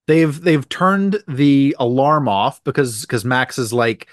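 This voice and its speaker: A man's voice: medium pitch, measured pace, few pauses, no echo, studio quality. A man co-hosting a podcast, joking wryly as he recaps a TV episode and quoting lines in funny voices. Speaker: podcast co-host. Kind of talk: casual chat recapping a TV episode.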